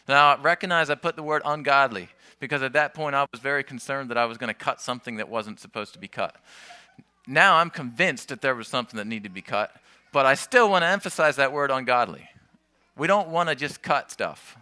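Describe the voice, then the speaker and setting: A man preaching in a very bright, crisp voice, talking through his points in a loose, conversational way and often restarting his sentences. The sound is dry and close to the mic, with the room adding almost nothing. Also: mid-range voice, animated, brisk, no echo. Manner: conversational teaching with restarts and asides. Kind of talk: sermon.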